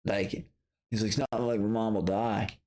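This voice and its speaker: A man's voice: lowish voice, level tone, normal speed, a little mellow. A middle-aged man talking on a late-night livestream, blunt and profane, circling back over the same points as he rants. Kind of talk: casual late-night stream rant.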